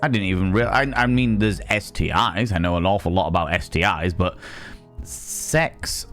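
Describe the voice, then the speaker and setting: A man's voice: low-pitched, fairly quick, a bit bright, faint music behind. A man chatting casually with his viewers on a live stream, greeting them by name and rambling playfully between topics.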